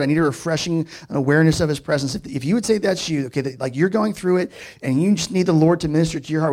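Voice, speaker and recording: A man's voice: fairly high pitch, a little mellow. A man preaching a sermon as a pastor, in a casual, conversational way with many fillers before he leads a prayer.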